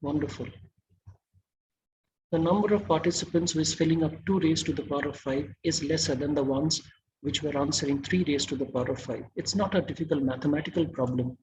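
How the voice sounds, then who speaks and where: A man's voice: fairly high pitch, fairly even intonation, a little fast, darkish tone, a little hiss or hum, poor audio. A man giving an online masterclass lecture, quizzing his audience and praising their answers.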